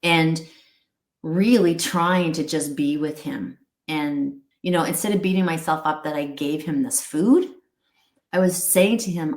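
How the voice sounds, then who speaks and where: A woman's voice: lowish voice, a little slow, echoey room. A middle-aged woman speaking earnestly as an interview guest, rambling with restarts and acting out little quotes. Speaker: guest, pet wellness company founder. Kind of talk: candid interview talk.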